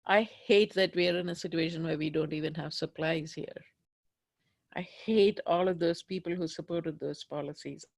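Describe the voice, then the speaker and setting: A woman leading a guided tapping session, speaking slowly and emphatically as she voices raw anger and fear. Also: fairly low pitch, steady tone, creaky, dry recording. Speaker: tapping practitioner.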